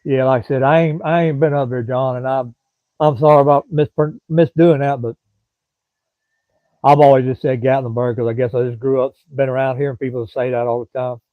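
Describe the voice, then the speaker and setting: Chatting casually on his live stream, a middle-aged Florida man with a Southern accent rambles in a folksy, drawling way and replies to viewers by name. He speaks fairly quickly in a mid-range voice with fairly even intonation. The audio is dry, thin, and phone-like, with no echo.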